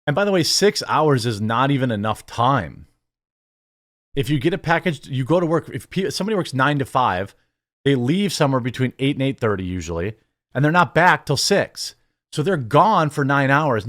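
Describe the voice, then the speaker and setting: A man's voice: mid-range voice, expressive, moderate pace, long pauses, fairly bright tone, no echo, studio quality. Sarcastic man ranting over clips. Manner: sarcastic, rambling with restarts. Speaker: commentary host. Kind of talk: reaction commentary.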